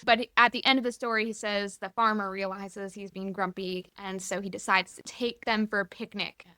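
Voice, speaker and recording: A woman's voice: mid-range voice, fairly even intonation, normal speed, pushed and bright, no room sound. A woman co-hosting a podcast, chatting casually and sarcastically as she recaps an episode. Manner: wry, sarcastic, acts out quoted lines. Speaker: podcast co-host.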